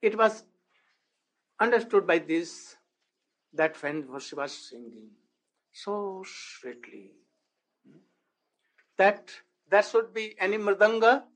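A man giving a devotional lecture as a spiritual teacher, telling a sacred story in halting non-native English and asking his listeners rhetorical questions. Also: sits high, a bit bright, rough recording.

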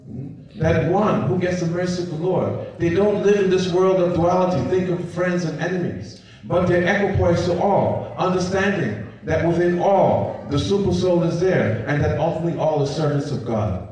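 A man with a fairly high voice preaches, retelling a scripture story and checking in with his listeners. The voice booms around a very echoey hall. It is recorded from a distant mic. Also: moderate pace, darkish tone. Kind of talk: sermon storytelling.

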